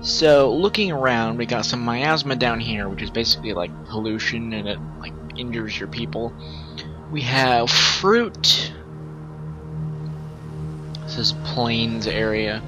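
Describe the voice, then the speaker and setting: A man's voice: mid-range voice, a little slow, over music, poor audio. A man casually commentating his strategy-game playthrough, rambling and correcting himself as he thinks aloud.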